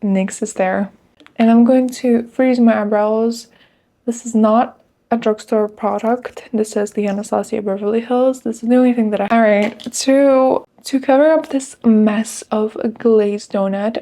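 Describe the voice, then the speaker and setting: A woman's voice: fairly high pitch, mellow. A young woman chatting casually to viewers while reviewing makeup, enthusiastic and direct. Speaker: beauty vlogger.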